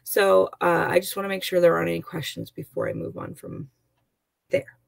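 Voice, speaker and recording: A woman's voice: fairly low pitch, a little fast, vocal fry, no echo. A woman teacher giving an online lesson, chatty and explaining with examples and asides.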